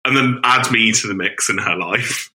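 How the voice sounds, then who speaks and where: A man co-hosting a podcast, chatting in an animated, teasing way. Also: fairly low pitch, moderate pace. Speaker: podcast co-host. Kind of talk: casual chat.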